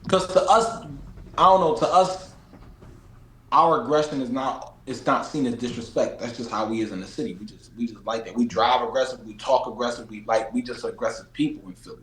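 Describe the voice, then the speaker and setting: Philly-accented male guest, mid-pitched, animated slangy chat, roomy echo on the track. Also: a little fast. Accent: Philadelphia. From Philadelphia, USA. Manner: animated, slangy, repeats phrases for emphasis. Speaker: interview guest. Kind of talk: casual chat.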